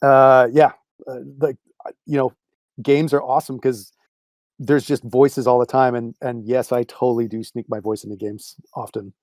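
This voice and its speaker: A man's voice: medium pitch, little pitch movement, normal speed, a little mellow, no echo, studio quality. A man with a Canadian accent, a game composer chatting in an interview, enthusiastic and rambling, laughing often. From England, Cornwall. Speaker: video game composer and voice director. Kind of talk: casual interview chat.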